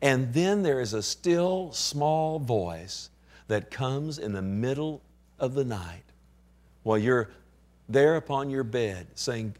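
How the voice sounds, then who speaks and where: A man preaching a sermon as pastor. He slows and drops to a hush when quoting scripture, then rises in pitch and volume with impassioned fervor. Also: expressive.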